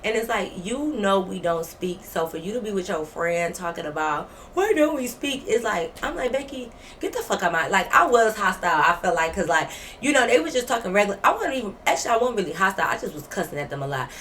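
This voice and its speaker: A woman vlogger telling a story, animated, blunt and full of profanity. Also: mid-range voice, fast, few pauses, slight background noise. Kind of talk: storytime vlog.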